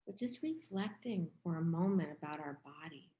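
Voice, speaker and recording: A woman's voice: on the low side, animated, moderate pace, dark tone. A woman in her fifties giving a dharma talk as a meditation teacher, speaking in a candid, reflective, conversational way. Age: 50s. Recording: roomy echo.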